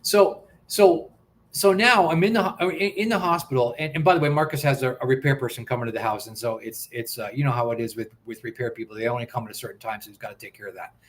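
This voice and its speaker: A man's voice: medium pitch, quick pace, a little hiss or hum. A man hosting a talk stream, earnestly telling a personal story and repeating words as he builds it up. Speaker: host.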